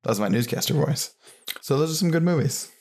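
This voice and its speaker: A man's voice: a little high, animated, a little fast, darkish tone. A man co-hosting a podcast in a casual chat, joking in a dry way. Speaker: podcast co-host.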